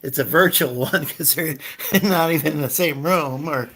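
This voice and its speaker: A man's voice: on the high side, normal speed, crowd noise. A man guesting on a livestream, insistently pressing his point in a casual argument. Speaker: stream guest.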